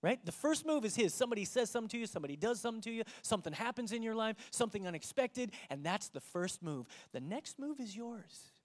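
This dynamic pastor, whose mid-range voice is very animated, preaches a sermon to a live church congregation at a quick pace with hardly any pauses. His delivery swings between loud emphasis and hushed tones, and he engages the crowd with direct questions.

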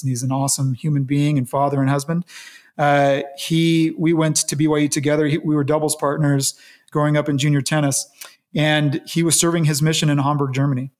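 A man being interviewed, recounting a personal story in an earnest, reflective way with halting restarts. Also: a little high, darkish tone. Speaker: interview guest.

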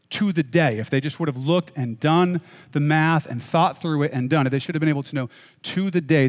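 A man preaching a sermon, reading scripture and then explaining it in a conversational way with joking asides to the congregation. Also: on the high side. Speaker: pastor. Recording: long hall reverb.

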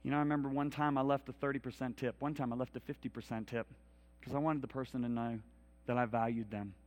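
Middle-aged man, preacher in a church, lively anecdotes, builds to loud appeals. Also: mid-range voice, fast, lo-fi sound. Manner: storytelling, animated, rising to loud pleas. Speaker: minister. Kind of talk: sermon. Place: church hall.

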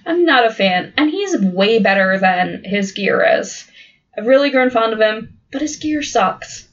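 A woman's voice: a little high, animated, measured pace, dull audio. A woman co-hosting a podcast in casual banter, blunt and profane, laughing often. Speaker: podcast co-host.

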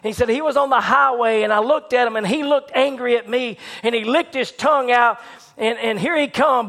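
Male preacher, very high voice, storytelling sermon, swings from shouting to near-whisper. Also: fairly quick. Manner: dramatic, rising to excited shouts in retold scenes, dropping to hushed lows.

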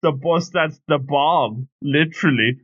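A man's voice: a little high, measured pace, a bit bright, no room sound. A man co-hosting a casual podcast chat, chiming in with short, dry interjections. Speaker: podcast co-host. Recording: slightly dull, lo-fi sound.

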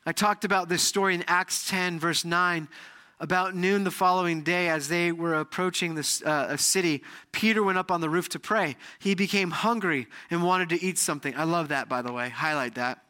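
Bright-voiced man preaching a lively sermon. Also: sits high, moderate pace, clear, resonant tone. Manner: animated storytelling, acts out quoted voices. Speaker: pastor. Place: church sanctuary.

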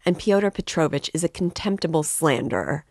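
Woman doing a proud young woman, firm and curt, gravelly, dry sound. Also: deep voice, animated, normal speed, darkish tone, no room sound, heavily acted. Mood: sharp.

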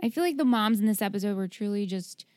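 A woman's voice: medium pitch, fast talker, darkish tone, no room sound, studio quality. A woman co-hosting a podcast in casual, earnest chat. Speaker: podcast co-host.

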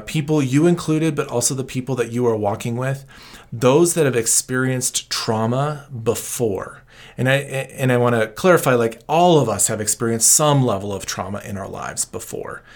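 Calm, explanatory man giving counsel. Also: medium pitch, normal speed. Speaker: trauma counselor guest. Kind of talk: interview answers.

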